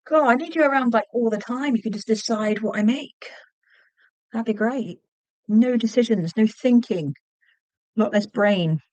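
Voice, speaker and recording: A woman hosting a casual livestream while she crochets. She chats, gets sidetracked, and counts her stitches out loud. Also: medium pitch, dry recording. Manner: chatty and easily sidetracked, counts stitches aloud. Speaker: livestream host.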